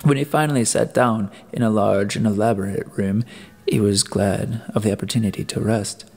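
Low-voiced man reading an audiobook. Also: fairly even intonation, gravelly, darkish tone. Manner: deliberate reading with occasional restarts. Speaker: audiobook reader. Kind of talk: audiobook narration.

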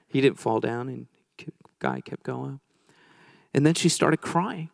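A man's voice: medium pitch, a little slow, gravelly, dry recording, clean studio sound. A middle-aged man preaching a sermon, telling a story in a casual, joking way with many restarts.

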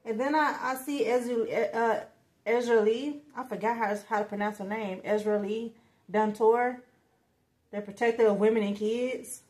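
A woman's voice: a little high, fairly even intonation, moderate pace, a little mellow. A woman giving a casual tarot reading who talks bluntly and swears a lot, speaking straight to her viewers in slang. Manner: slangy, emphatic, bursts of laughter. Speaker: tarot reader.

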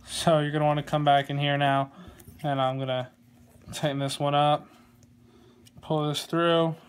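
Guy doing a chill tutorial on his phone, kinda high voice, lots of ums, jokes around. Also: moderate pace, smooth. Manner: relaxed, rambling, joking, many fillers. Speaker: glove maker demonstrating lacing. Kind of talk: casual how-to tutorial. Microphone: phone camera.

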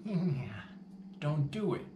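A man's voice: on the high side, very animated, slow, far from the mic. A man hosting his own show, talking in a rambling, playful, self-mocking way and swearing freely. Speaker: host. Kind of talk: casual comedic monologue. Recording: echoey room, voice from off the mic, noisy background.

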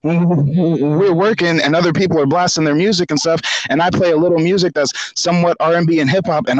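Animated man with a higher voice. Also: fairly quick, hardly any pauses, dry recording, dull audio. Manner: animated, repeats words while telling a story. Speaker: guest. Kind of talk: storytelling interview chat.

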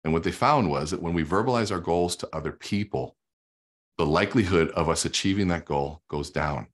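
A man's voice: low-pitched, brisk. A middle-aged man, a guest sales coach, explaining research with emphatic storytelling and quoted dialogue. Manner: teaching while drawing on a whiteboard. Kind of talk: energetic explanatory talk.

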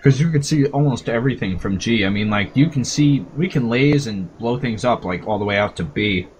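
A man's voice: medium pitch, expressive, fairly quick. A man in casual team voice chat during an online shooter, laid-back, joking and swearing freely, talking over a headset mic. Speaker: gamer. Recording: gunfire and game noise behind.

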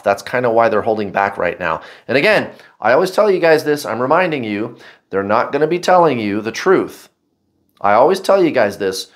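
A man giving a casual tarot card reading, chatty and blunt, swearing freely and often calling out to "guys". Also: mid-range voice. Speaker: tarot reader.

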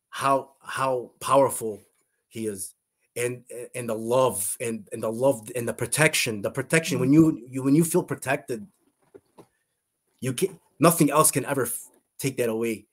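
Husky guy telling his testimony, earnest and fervent, keeps repeating himself and restarting. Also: mid-range voice, a little slow. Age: adult. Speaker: interview guest sharing a faith testimony. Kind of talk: emotional personal testimony.

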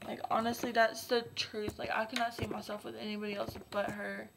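A woman's voice: a little high, level tone, a little fast, vocal fry, hardly any pauses, a bit bright, a little hiss or hum. A young woman vlogging casually, anxious and rambling, using lots of "like". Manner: anxious, rambling, heavy "like" filler. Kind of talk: casual vlog.

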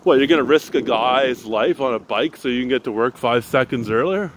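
A man's voice: medium pitch, brisk, slight background noise. Breathless man ranting on a bike. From Canada. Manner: ranting, profane, talking to viewers while cycling. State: slightly out of breath. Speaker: vlogger. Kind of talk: casual ride-along vlog. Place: outdoors on a bicycle in winter traffic. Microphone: handheld phone.

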